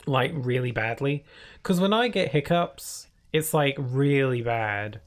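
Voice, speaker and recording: A man's voice: medium pitch, expressive, slow. A man chatting casually while live-streaming a game, rambling on with many fillers at a desk microphone.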